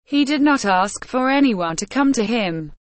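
A woman reading a storybook in a scripted narration, slow, careful and even. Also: a little high, no room sound. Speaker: audiobook reader.

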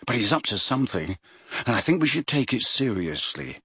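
A man's voice: mid-range voice, sing-song, a little fast, a bit bright, husky, no room sound, studio quality, exaggerated voice. A man voicing a stubborn teenage boy who presses his point earnestly and insistently.

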